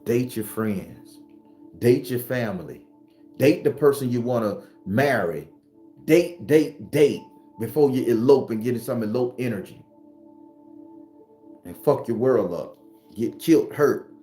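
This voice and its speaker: A man's voice: medium pitch, expressive, unhurried, long pauses, warm tone, faint music behind. A man hosting a casual live stream, talking bluntly and profanely and greeting viewers by name. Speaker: host.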